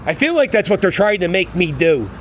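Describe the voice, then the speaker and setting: A man's voice: high voice, sing-song, fairly quick, fairly bright tone, a little hiss or hum. A man giving rambling, wry commentary to a handheld camera as he walks his dog down a city street. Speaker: vlogger walking his dog. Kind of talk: casual walking commentary.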